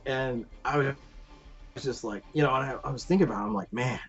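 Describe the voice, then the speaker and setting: A man guest on a podcast, telling a long story in an animated, rambling way full of fillers. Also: mid-range voice, fast, husky. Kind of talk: casual anecdote telling. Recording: dull lo-fi podcast audio with faint music.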